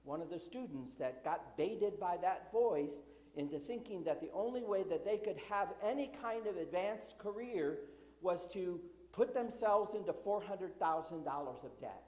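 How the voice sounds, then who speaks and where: A woman's voice: on the low side, lively intonation, moderate pace, darkish tone. A woman preaching a conversational sermon in a church, asking the congregation rhetorical questions and adding sarcastic asides. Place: church sanctuary. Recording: echoey church with long reverb.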